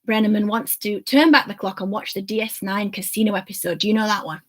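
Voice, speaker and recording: A woman's voice: mid-range voice, fairly even intonation, fast. A woman co-hosting a live watch-along show, giggly and sarcastic while reading out comments. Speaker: co-host.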